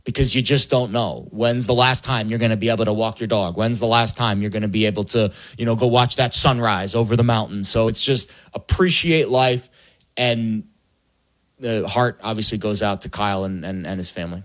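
A man on a sports talk panel, speaking haltingly, with frequent fillers and restarts. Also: lowish voice, fairly bright tone.

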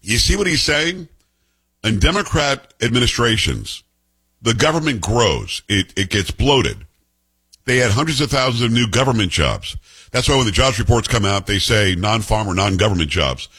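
A man's voice: on the low side, very animated, normal speed, fairly bright tone, husky. A middle-aged man with a New York Italian-American accent, giving blunt, sarcastic political commentary as host. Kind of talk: opinionated commentary.

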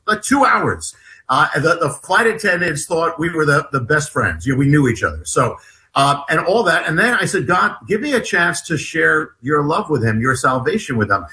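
A guest author on a talk show tells a story in a fairly high, bright, forceful voice. He halts and restarts frequently, acting out what each person said in an animated way.

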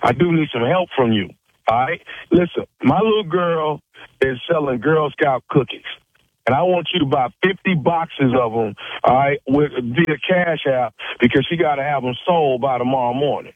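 A man's voice: mid-range voice, normal speed, no room sound. A man making a prank phone call, pushy and stammering, stifling laughs as he presses the other man. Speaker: prank caller. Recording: tinny dry phone line.

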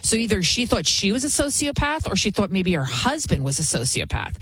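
Husky woman host ranting opinions, keeps repeating herself for emphasis, dry close sound. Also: medium pitch, big pitch swings, brisk, a bit bright, no echo, low-quality recording. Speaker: talk show host. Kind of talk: opinionated commentary.

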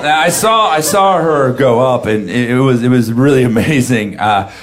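A man's voice: mid-range voice, animated, normal speed, crowd noise. A man performing stand-up, telling a rambling, self-deprecating story full of restarts and asides. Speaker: stand-up comedian.

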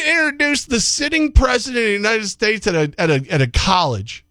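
A man's voice: high-pitched, moderate pace, hardly any pauses, dry recording, studio quality. A middle-aged man co-hosting a sports talk show, rambling casually with lots of restarts. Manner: rambling, animated, restarts often.

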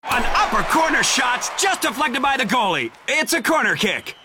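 An actor playing an excitable male sports commentator who shouts his calls. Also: very high-pitched, moderate pace, over loud music. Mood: thrilled.

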